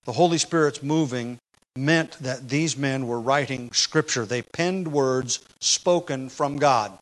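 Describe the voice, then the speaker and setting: A man preaching an expository sermon at a measured teaching pace, growing loud and emphatic when he quotes scripture. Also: medium pitch, poor audio.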